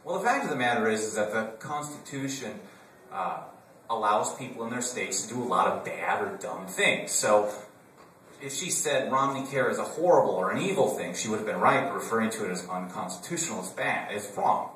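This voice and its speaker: A Wisconsin man gives a funny political talk to a live audience in a conference room, chatty and packed with joking asides. His lowish voice moves quickly with lively intonation and a fairly bright tone. The roomy hall is recorded from a distance, with slight background noise.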